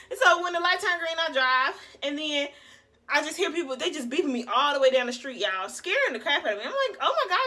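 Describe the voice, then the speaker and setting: A young woman telling a story to her viewers in a chatty, animated way. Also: fairly high pitch. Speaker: vlogger. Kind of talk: casual storytelling to camera.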